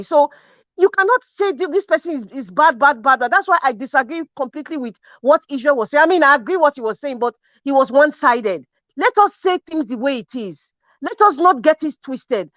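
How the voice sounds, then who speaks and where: Woman, online panel debate, emphatic and repetitive, fairly high voice, slightly dull sound. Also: no echo. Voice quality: emphatic, animated, repeats points for stress.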